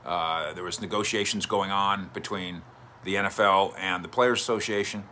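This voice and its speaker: Male sports columnist, 50s, chatty storyteller, bright forceful tone. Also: low voice, normal speed, slight background noise. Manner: chatty, animated storytelling with fillers. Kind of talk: casual commentary to camera.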